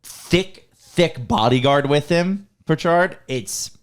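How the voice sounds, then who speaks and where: A man's voice: on the high side, takes it slowly. A man co-hosting a podcast, chatting casually about a film and joking around. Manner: animated, joking, laughs often. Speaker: podcast co-host. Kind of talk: casual film review chat.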